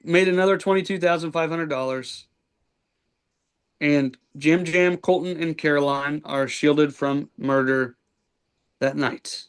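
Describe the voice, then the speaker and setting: A man's voice: a little high, a little slow, clear, resonant tone. A man hosting a podcast, recapping a reality show in casual chat with plenty of ums and likes. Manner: rambling play-by-play recap with many ums and likes. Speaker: podcast host.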